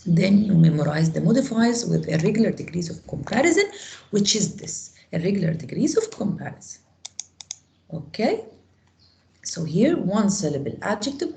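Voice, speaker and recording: A woman's voice: lowish voice, animated, moderate pace, creaky, dark tone. A woman teaching English grammar to students in an online class, patiently repeating each word form aloud.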